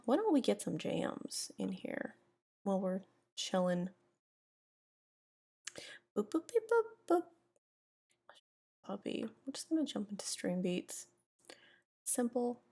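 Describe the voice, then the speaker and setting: A woman's voice: mid-range voice, animated, normal speed, gravelly, dark tone. A young woman chatting casually on a live stream from home, rambling to herself while she fiddles with her settings. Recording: faint background music. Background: faint music.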